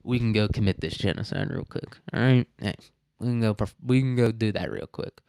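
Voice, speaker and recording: A man's voice: lowish voice, brisk, gravelly, a little mellow, smooth, no echo, clean studio sound. A man putting on a mock Middle Eastern accent, playing a smug, flippant male official in a comedy bit. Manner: flippant, offhand. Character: mocking male Saudi official, smug and casual.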